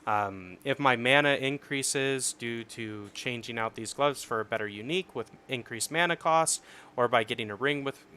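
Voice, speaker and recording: A young man casually explaining his game build on a livestream, swearing and getting excited once the fights start. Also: mid-range voice, normal speed, slight background noise. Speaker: streamer. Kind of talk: casual gameplay commentary.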